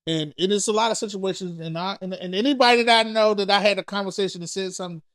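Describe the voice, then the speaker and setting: A man co-hosting a podcast in casual chat, telling blunt and candid stories that grow loud when he acts out arguments. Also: high-pitched, quick pace, dry recording, clean studio sound. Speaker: podcast co-host.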